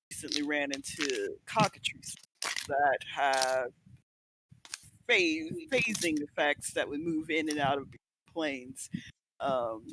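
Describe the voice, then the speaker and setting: A man's voice: fairly high pitch, a bit bright. A man speaking in character as a tabletop game player, hesitant and thoughtful with many fillers. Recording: noisy mic with clicks.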